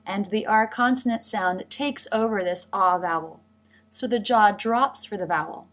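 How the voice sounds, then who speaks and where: A woman's voice: mid-range voice, moderate pace, a bit bright. A woman narrating a pronunciation lesson, speaking carefully and demonstrating each sound. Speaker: pronunciation teacher. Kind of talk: scripted instructional narration.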